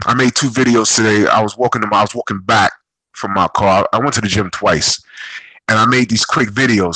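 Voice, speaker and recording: A man's voice: on the low side, sharp tone, no room sound, poor audio. A man giving an angry, profane, heated vlog rant. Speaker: boxing vlogger.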